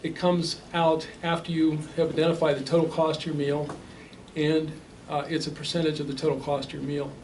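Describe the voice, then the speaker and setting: A man speaking at a public debate, laying out figures in a measured way with frequent restarts. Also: fairly high pitch, little pitch movement, a little mellow. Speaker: debate panelist. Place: realty office meeting room. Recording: distant mic with faint noise.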